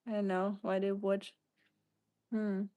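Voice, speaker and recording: Reading comments from her viewers and responding as she goes, a woman from Germany with a German accent hosts a rambling, chatty livestream. Her mid-range voice is warm but completely flat, and she takes things slowly in a dry recording.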